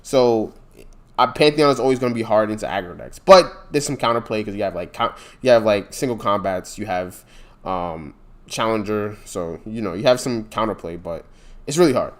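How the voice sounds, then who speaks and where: A man co-hosting a casual gaming podcast, animated and quick to laugh, sometimes losing his train of thought. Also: lowish voice. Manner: animated, laughs often, trails off mid-thought. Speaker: podcast co-host.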